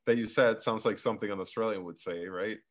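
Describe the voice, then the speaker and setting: A man co-hosting a podcast, talking in quick, joking banter and often laughing. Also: on the low side, fairly even intonation. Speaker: podcast co-host.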